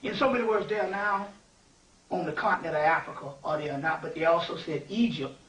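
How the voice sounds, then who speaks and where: A man giving an informal spiritual lecture, animated and digressive, often checking that listeners follow. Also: sits high, a little fast. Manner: animated, digressive, keeps asking "you see what I'm saying". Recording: echoey room, distant mic, faint ambient noise.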